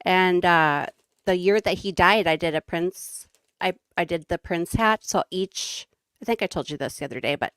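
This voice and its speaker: A woman with a Midwestern accent, speaking as a guest in casual chat. Her voice is smooth and resonant, a bit low, and recorded dry and close, and she rambles happily through stories with frequent giggles. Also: normal speed, a bit bright, no echo. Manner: chatty, giggly storyteller.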